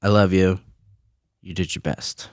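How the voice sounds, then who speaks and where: A man's voice: low-pitched, steady tone, measured pace, no room sound, studio quality. A man in his thirties hosting a casual solo podcast from his basement, rambling and swearing with frequent laughs. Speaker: podcast host. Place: home basement.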